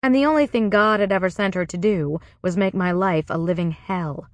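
A woman narrating a first-person novel in a measured, wry way. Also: medium pitch, no room sound. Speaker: audiobook narrator.

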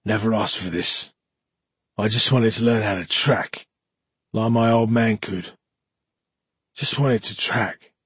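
A man's voice: on the low side, fairly even intonation, a little slow, husky, dry recording. Man doing a slurring drunken old tracker. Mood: weary. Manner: slurred, grumbling. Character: drunken bitter older male tracker, coarse.

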